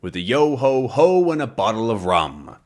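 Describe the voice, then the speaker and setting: A man's voice: mid-range voice, very animated, normal speed. A man voicing a blustering middle-aged male sea captain who hurls theatrical pirate insults. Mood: triumphant.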